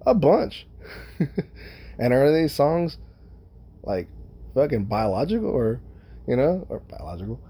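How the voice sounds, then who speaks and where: Solo podcast host, adult man, husky mellow voice, swears constantly, rambles with sudden bursts of energy. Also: mid-range voice, a little slow, pauses often. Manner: profane, rambling, animated. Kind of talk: casual solo monologue.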